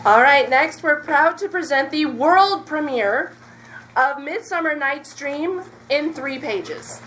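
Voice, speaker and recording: High-voiced woman emceeing a showcase. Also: expressive, background noise. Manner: brisk and directive, calling scenes. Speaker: drama camp instructor and emcee. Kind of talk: announcing a children's showcase.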